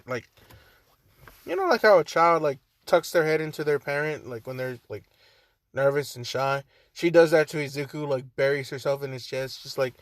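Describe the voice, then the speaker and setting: A man's voice: medium pitch, no echo. A man telling an improvised story in a laid-back, rambling way, full of "like" and casual swearing.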